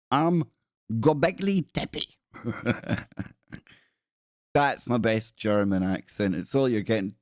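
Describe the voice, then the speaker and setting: Man, live-stream host, casual rambling commentary, jokey, lowish voice, dry sound. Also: a little mellow, no echo. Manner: jokey, rambling, reads captions aloud.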